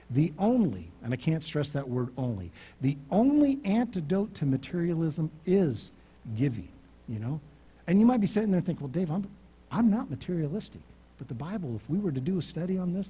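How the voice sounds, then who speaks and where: A pastor preaches to his congregation in an animated, storytelling way, swinging his voice up loudly to drive points home. His voice is husky and rough-edged, with a mellow warmth. He pitches it on the higher side for a man. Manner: animated storytelling preaching with loud emphatic rises. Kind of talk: sermon.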